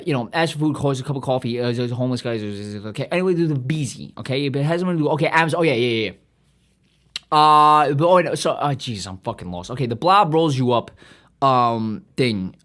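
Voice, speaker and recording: A man podcast host doing a rambling comedic monologue, swearing constantly and losing his train of thought. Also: a little high.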